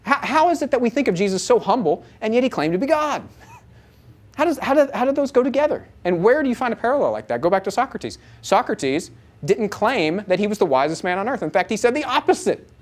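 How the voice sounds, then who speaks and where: A man teaching a live audience, animated, asking them many rhetorical questions. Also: high-pitched, fast. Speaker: Bible teacher.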